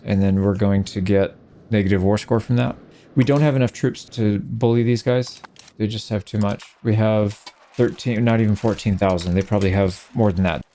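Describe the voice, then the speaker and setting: A man's voice: fairly low pitch, gravelly, mellow. A man hosting a let's play, casually thinking aloud and puzzling over his moves in a strategy game. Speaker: gaming channel host.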